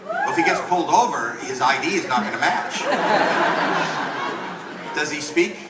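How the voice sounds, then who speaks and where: A man's voice: a little high, wildly swooping pitch, moderate pace, very noisy. A man doing stand-up crowd work, teasing and riffing with people in the audience, recorded live in a comedy club. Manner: teasing, riffs with audience members. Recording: roomy live club from far off. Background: loud crowd laughter.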